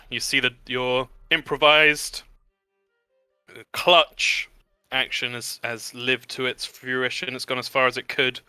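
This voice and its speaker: Male game master, upbeat narrator, smooth resonant tone, faint music behind. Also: mid-range voice, no room sound. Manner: lively, upbeat narration with rule explanations. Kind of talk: narrating and running a tabletop game.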